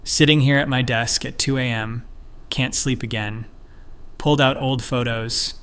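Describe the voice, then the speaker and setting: A man giving a scripted first-person narration of an online story, reading in an even, measured way. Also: medium pitch, clean tone.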